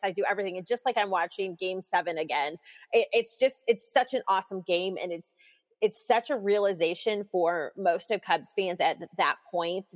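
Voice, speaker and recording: A woman co-hosting a casual sports podcast, chatting as an excited fan with plenty of fillers. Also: lowish voice, big-room sound. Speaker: podcast co-host.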